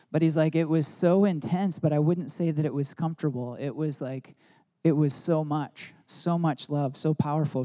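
A man's voice: on the high side, dark tone. A man telling personal stories in a sermon, casual and rambling with many "like" fillers. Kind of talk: sermon storytelling.

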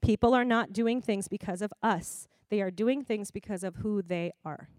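A woman preaching a sermon in a conversational, expressive way, laughing often. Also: mid-range voice, normal speed, no room sound.

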